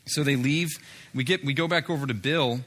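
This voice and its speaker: A street evangelist tells a testimony from his street ministry, acting out what others said and using many fillers and restarts. His mid-range voice is brisk with a fairly bright tone.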